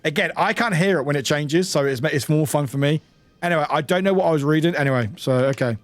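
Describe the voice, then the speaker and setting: A man's voice: on the high side, quick pace, no room sound. A man from the UK streaming a game, chatting casually, laughing and swearing as he plays. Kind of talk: casual live-stream commentary.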